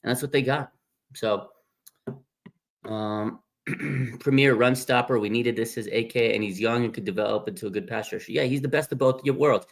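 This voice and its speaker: A man hosting a casual sports livestream, rambling excitedly and reading viewer comments aloud. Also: mid-range voice, moderate pace, creaky. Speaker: sports podcast host.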